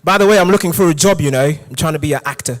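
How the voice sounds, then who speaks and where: A young man from Ghana hosting a conference game session, energetic and joking, talking to a live audience. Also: a little high, very fast, long reverb tail. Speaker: session host. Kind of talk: hyped conference game host. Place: conference hall.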